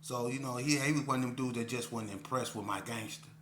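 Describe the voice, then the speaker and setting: A man's voice: medium pitch, fairly quick, fairly bright tone, reverberant, slight background noise. A middle-aged man from Las Vegas telling a story in a loose, casual way, often saying "you know what I'm saying". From Las Vegas, Nevada.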